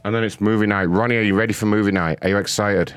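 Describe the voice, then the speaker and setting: Low-voiced crude mocking male host. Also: fairly even intonation, rapid-fire, smooth, no room sound, clean studio sound. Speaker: prank call show host. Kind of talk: casual profane banter.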